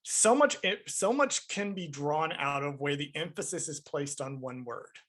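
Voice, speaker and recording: Talking a little slowly in a voice on the high side, a man co-hosts a podcast and reviews a film. His chat is casual, animated and emphatic, with casual swearing.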